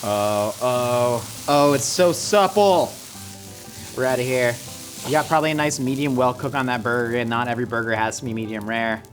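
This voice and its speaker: A man hosting a cooking show, joking and teasing in a deadpan way. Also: mid-range voice, moderate pace. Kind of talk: comic cooking show banter. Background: faint music, sizzling pan.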